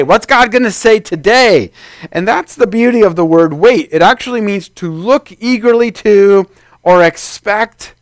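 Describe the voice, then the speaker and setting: Male pastor, high-pitched, dry close sound; casual sermon delivery with acted-out quotes. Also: no room sound. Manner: conversational preaching, acts out quoted voices.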